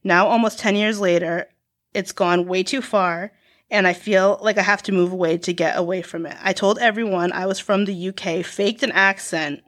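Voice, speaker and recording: A woman's voice: medium pitch, fairly even intonation, normal speed. A young woman co-hosting a podcast, reading listener confessions aloud and reacting bluntly, swearing freely. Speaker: podcast co-host.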